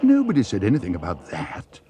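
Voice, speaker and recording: A man's voice: lowish voice, huge pitch swings, a little fast, dark tone, slight background noise. A man voicing a small, polite young male bear who talks in an earnest, solemn way in a cartoon.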